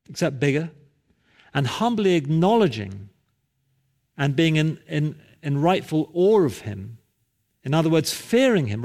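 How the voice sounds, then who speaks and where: A man's voice: a little high, darkish tone. A male pastor preaching a sermon, telling a story and building to emphatic repeated calls.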